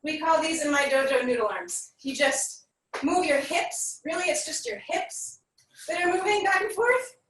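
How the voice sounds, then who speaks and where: A woman's voice: sits high, moderate pace, a bit bright, echoey room, distant mic, rough recording. A woman teaching an online aikido class for kids, counting aloud in Japanese and giving encouraging instructions while out of breath.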